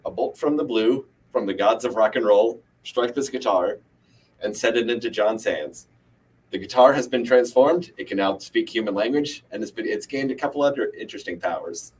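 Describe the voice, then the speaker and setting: A man's voice: fairly low pitch, husky, distant mic, poor audio. A man reading his own story aloud on a live stream, casual and hesitant with fillers as he sets the scene. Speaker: bookstore reader. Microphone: live stream setup.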